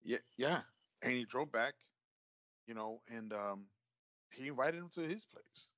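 A man's voice: mid-range voice, expressive, unhurried, a bit bright, dry recording. Guy chatting about a film, repeats himself a lot, dry muffled sound. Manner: repeats words, restarts, acts out quotes. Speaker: movie discussion co-host. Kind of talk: casual chat.

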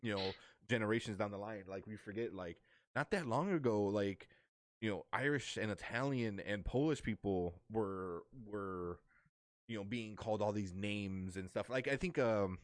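Guy with a lowish voice, casual chat, says you know a lot, dry sound. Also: moderate pace, no echo. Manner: lots of "you know" and "like" fillers, trails off softly. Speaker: movie discussion co-host.

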